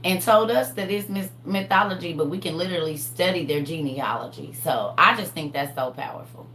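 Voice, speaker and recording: A woman hosts a live online class in casual chat, animated, laughing and talking straight to her viewers. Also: on the low side, brisk, roomy sound, slight background noise. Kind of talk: casual livestream teaching chat.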